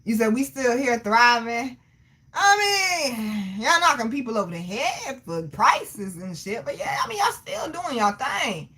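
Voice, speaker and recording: High, bright woman in her thirties, brash livestream host, loud, swearing, quick to laugh. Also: breathy edge. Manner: animated, loud, laughs often, salty slang. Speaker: livestream host reading chat. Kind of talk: casual chat.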